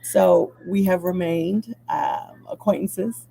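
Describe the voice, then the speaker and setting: A woman's voice: fairly low pitch, fairly even intonation, takes it slowly, gravelly, dark tone, a little hiss or hum, rough recording. A middle-aged woman from Chicago, a TV news anchor, telling a personal story as an interview guest and acting out the voices she quotes.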